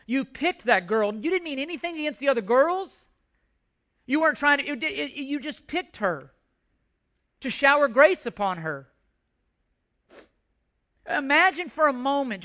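A man's voice: extremely high pitch, lively intonation, normal speed, a bit bright. A man preaching a sermon as a pastor, telling a story earnestly and often restarting his sentences. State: emotional at times.

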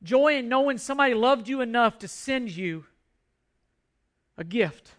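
A man's voice: very high voice, expressive, measured pace, fairly bright tone. A man preaching a sermon as a pastor, telling a story earnestly and often restarting his sentences. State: emotional at times.

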